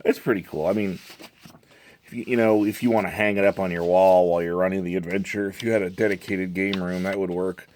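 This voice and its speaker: Low-pitched and darkish in tone, this man who runs tabletop games talks a little fast and steadily while showing off an old box set. He's a rambling, chuckling storyteller who keeps correcting himself, and a little hiss or hum sits under the recording.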